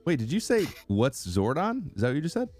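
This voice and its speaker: A man's voice: fairly high pitch, huge pitch swings, fairly quick, music in the background. A man streaming, chatting casually and teasing with playful indignation.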